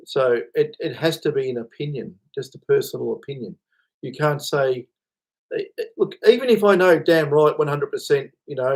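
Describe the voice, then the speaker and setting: A man's voice: mid-range voice, a little mellow. A man hosting a casual livestream, rambling, chuckling and answering chat comments. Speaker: livestream host.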